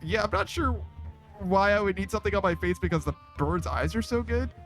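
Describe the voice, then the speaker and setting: A man streams a game and reads his chat aloud in a slightly raised, a bit bright voice, talking animated and a little fast. He rambles loosely, swears freely and keeps bursting into laughter while faint music plays behind him.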